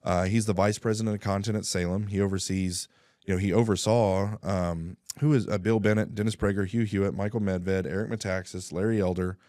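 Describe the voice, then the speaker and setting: A man telling his life story in a casual interview, animated, acting out dialogue and often clearing his throat. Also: deep voice, no echo, studio quality. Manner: animated, acts out dialogue with quick voice shifts; frequent throat clearing and restarts.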